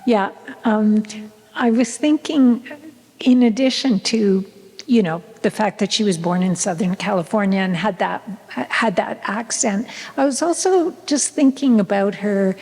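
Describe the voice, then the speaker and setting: A woman moderates an onstage talk, asking measured, thoughtful questions at an unhurried pace. Her voice is husky with a gravelly edge. A long reverb hangs around her voice in the hall. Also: medium pitch, darkish tone. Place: public talk at a museum event.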